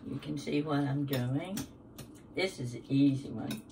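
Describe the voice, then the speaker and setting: A woman's voice: a bass voice, unhurried, recorded from a distance, background noise. An older woman hosting a casual home cooking demonstration, chatty and homespun as she works through a recipe. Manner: chatty, homespun, talks while working. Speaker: cooking show host. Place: home kitchen. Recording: kitchen sounds, voice somewhat off-mic. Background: clinking dishes and utensils.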